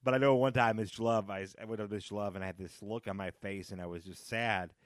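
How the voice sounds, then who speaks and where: A man in his thirties hosting a casual solo podcast, rambling and nostalgic with sudden loud high-pitched outbursts. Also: fairly even intonation, fast, dry recording, clean studio sound. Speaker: podcast host.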